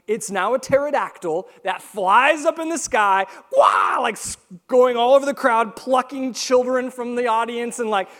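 A young man preaching a sermon, telling a lively story and acting out the quotes. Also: high-pitched. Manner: animated storytelling with acted-out quotes. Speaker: pastor.

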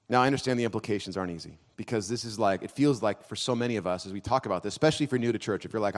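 A man preaching a sermon as a pastor in a church, moving between loud, raised emphatic passages and quiet, low, close asides. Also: racing, hardly any pauses. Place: church hall.

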